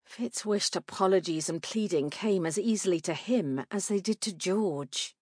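A woman narrating an audiobook in a measured, clear way. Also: lowish voice, a little mellow, no echo, studio quality.

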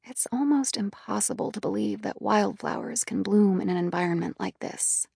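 A woman reading a first-person audiobook in a quiet, inward, subdued manner. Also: mid-range voice, normal speed, vocal fry, husky, no echo, studio quality. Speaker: audiobook narrator.

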